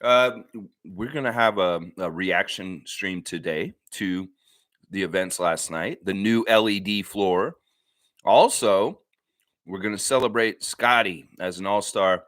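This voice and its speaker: A man hosting a casual sports fan livestream, excitable and hyped, sometimes chewing as he talks. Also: lowish voice, no room sound. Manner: excitable, shouts hype bursts, chewing while talking. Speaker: livestream host.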